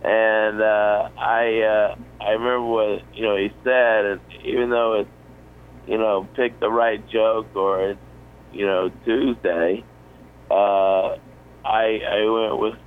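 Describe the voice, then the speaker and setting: A man in his forties tells an anecdote in a relaxed, wandering way, stopping and restarting often. His voice comes over a muffled, lo-fi radio line with a faint hiss underneath. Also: on the low side, slow. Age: 40s. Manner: rambling, many fillers and restarts. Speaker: comedian guest. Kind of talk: casual storytelling on a radio show.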